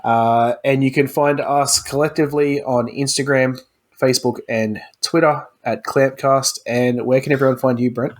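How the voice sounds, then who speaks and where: A man's voice: medium pitch, moderate pace. Man hosting a casual podcast. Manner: relaxed, reads show plugs at the outro. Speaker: podcast host.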